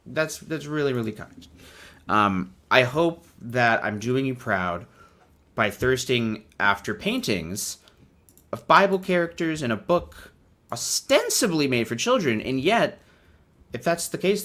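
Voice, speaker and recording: A young man hosting a comedic commentary video, riffing wryly on book illustrations and swinging from mutters to excited outbursts. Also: medium pitch. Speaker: video host.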